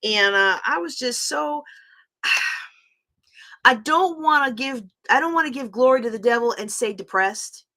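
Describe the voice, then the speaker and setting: A woman's voice: fairly high pitch, lively intonation, measured pace, pushed and bright. A middle-aged woman, hosting a livestream and candidly telling a personal story with open emotion. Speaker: host. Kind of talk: casual livestream talk.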